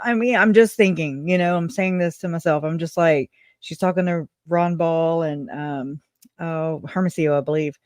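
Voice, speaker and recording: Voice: mid-range voice, fairly even intonation, normal speed, dry recording, studio quality. Mocking, blunt reaction commentator. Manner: mocking, blunt, swears freely.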